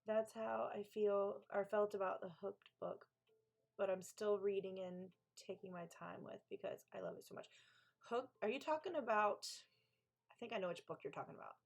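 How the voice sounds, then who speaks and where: A woman's voice: medium pitch, moderate pace, vocal fry. A woman author hosting a co-working live stream, chatting casually, gushing and talking back to her chat.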